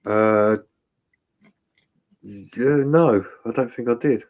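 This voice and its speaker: A man's voice: medium pitch, drawn-out words, muffled recording. A man hosting a livestream, chatting casually and in an easygoing way. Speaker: livestream host. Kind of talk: casual chat.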